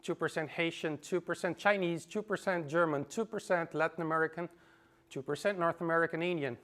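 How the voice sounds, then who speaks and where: A man giving a conference talk, reading figures off slides with frequent fillers and pauses. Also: on the high side, steady tone, a bit bright. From Brazil. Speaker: conference presenter. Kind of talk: lecture with slides. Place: conference room.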